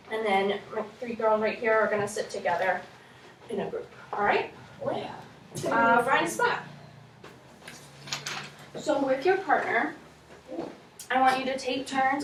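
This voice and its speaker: A woman's voice: on the high side, a little hiss or hum. A woman teacher giving classroom instruction, encouraging and modeling reading aloud for her students. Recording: echoey classroom from far off.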